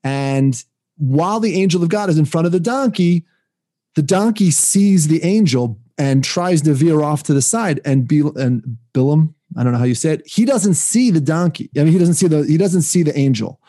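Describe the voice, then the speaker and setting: Speaking at normal speed in a slightly high, warm voice with lively intonation, a man co-hosts a casual podcast about faith. He comes from a Jewish community that reads the weekly Torah portion, and he laughs a lot while retelling a scripture story with restarts.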